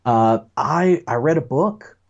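A man's voice: a little high, animated, takes it slowly. A man co-hosting a casual pop culture podcast, joking and rambling with fillers. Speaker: podcast co-host. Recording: dull lo-fi sound.

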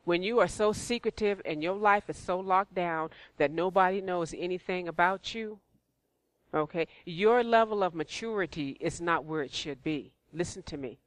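A woman's voice: fairly low pitch, normal speed, dry recording. A woman preaching in church, conversational and repetitive, with rhetorical questions. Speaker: church speaker. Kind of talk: sermon.

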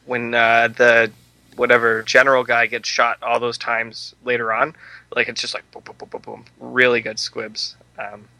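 Male podcast host, crude jokey movie chat, very bright voice, dry close sound. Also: medium pitch, completely flat delivery, moderate pace, vocal fry, no room sound, low-quality recording. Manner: joking, crude, laughs often. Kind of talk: casual movie review chat.

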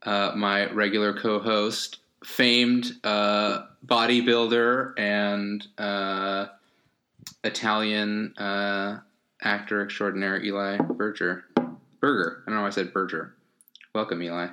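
A man's voice: lowish voice, flat delivery, takes it slowly, bright, forceful tone. A man hosting a casual podcast, talking in a laid-back, hesitant way with lots of fillers. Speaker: podcast host.

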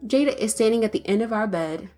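A woman recounts a household mishap in a chatty, animated way, often laughing. Her pitch sits at a middle level. Faint music plays behind her. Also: quick pace. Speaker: co-host, mother. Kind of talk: casual storytelling chat.

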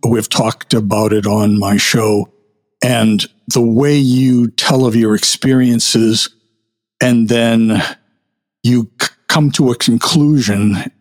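A male host asking a guest thoughtful, measured questions. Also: mid-range voice. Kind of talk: interview questions.

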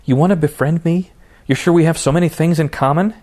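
A man's voice: fairly high pitch, fast, pitched above the performer's own voice, natural voice. Man voicing a bitter, furious young woman. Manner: harsh hissing, rising to shouted accusation. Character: bitter grieving young woman, guarded and angry.

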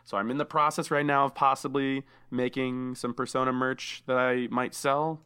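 A man's voice: mid-range voice, level tone, moderate pace, pushed and bright, smooth. A man hosting a casual podcast, chatty and enthusiastic, saying dude a lot. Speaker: podcast host.

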